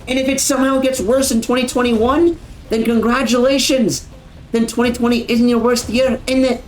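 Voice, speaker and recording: A man's voice: very high voice, level tone, normal speed, reverberant, pitched above the performer's own voice, poor audio. A man imitating a brash Scottish man delivering a comic rant, with an exaggerated, punchy delivery and a put-on Scottish accent. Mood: mock-cheerful.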